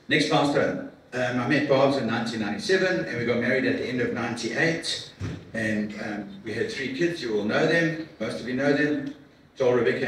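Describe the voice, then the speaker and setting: A middle-aged man giving a heartfelt personal testimony to a men's breakfast, earnest and emotional, halting with repeats and fillers. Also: mid-range voice, fairly bright tone. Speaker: guest speaker at a men's breakfast. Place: large room at a church men's event. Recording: echoey hall from far off with faint noise.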